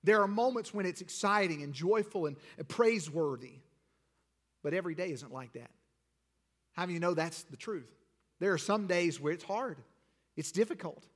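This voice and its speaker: A man preaching a sermon as pastor, asking the congregation questions and building up to loud, emphatic passages. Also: high voice, expressive, moderate pace, pauses often. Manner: preaching with rising, shouted emphasis and rhetorical questions.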